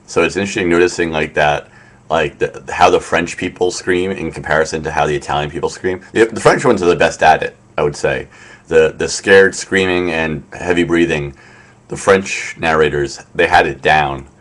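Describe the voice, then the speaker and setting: Low-voiced man rambling on a live stream. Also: normal speed, fairly bright tone. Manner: rambling, filler-heavy, wry. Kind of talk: casual live-stream chat. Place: apartment in Tokyo.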